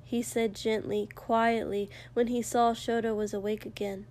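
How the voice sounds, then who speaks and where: A woman narrating a fiction story aloud in a measured, expressive way. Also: fairly high pitch. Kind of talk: audiobook fiction reading.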